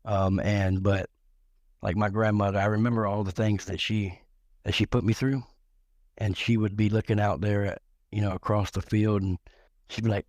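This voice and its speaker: A man's voice: lowish voice, flat delivery, moderate pace, a little mellow, no room sound. A middle-aged man telling crude, joking stories on a live talk show, rambling along with many restarts and repeated words.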